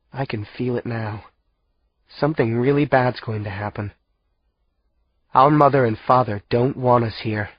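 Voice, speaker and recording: A man's voice: mid-range voice, normal speed, long pauses, dry recording, highs cut off. A man narrating an audiobook in the first person with tense storytelling.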